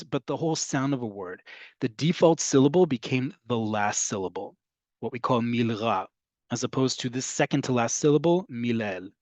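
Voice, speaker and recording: Man as teacher of an online class, explanatory, checks in with listeners, middle pitch, dry close mic. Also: darkish tone, dry recording, lo-fi sound. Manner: explanatory, frequent "right?" check-ins. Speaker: Hebrew teacher.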